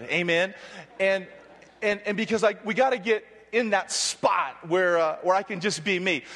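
Here a man with a high, slightly bright voice delivers a rousing sermon with prayer to a crowd in a big hall. He jokes and fires people up, and the sound echoes with long reverb.

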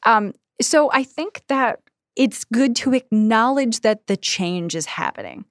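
A woman's voice: fairly high pitch, animated, a little slow, no echo. A woman co-hosts a casual podcast and answers a listener's question. She gives thoughtful, encouraging advice at an easy pace. The recording is dry and close to the mic. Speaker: podcast co-host.

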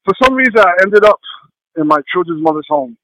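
A man sharing a heartfelt personal testimony, speaking haltingly with many pauses and fillers. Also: high-pitched, animated, fairly bright tone, dry recording, lo-fi sound. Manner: earnest and heartfelt.

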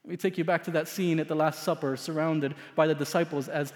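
Here a high-voiced pastor moves quickly through his sermon, his tone steady even as the storytelling shifts between forceful emphasis and hushed asides. The sound rings with the long echo of a large hall.

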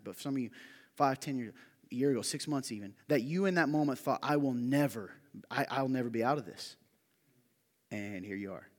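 Male pastor, mid-pitch, animated sermon delivery with personal anecdotes, long hall reverb. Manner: animated storytelling, shouting when quoting a friend.

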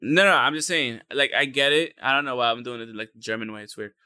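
A man chatting casually on a podcast about fights, rambling and swearing freely, with plenty of filler words. His voice is very bright and forceful, and the recording is dry and close. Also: mid-range voice, fast, smooth, no echo. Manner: loose, profane, rambling with many fillers. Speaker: podcast co-host. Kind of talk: casual sports chat.

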